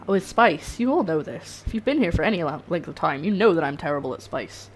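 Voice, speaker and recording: A young woman with a deep, animated voice cooks in her home kitchen on a live stream, talking briskly to viewers with hardly any pauses. Faint background music plays, and a little hiss or hum is audible.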